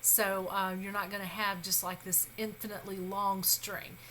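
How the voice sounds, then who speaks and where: A woman's voice: medium pitch, little pitch movement, normal speed, bright, forceful tone, slight background noise, low-quality recording. A woman instructor giving a recorded grammar lecture, patient and reassuring, with frequent fillers and small self-corrections.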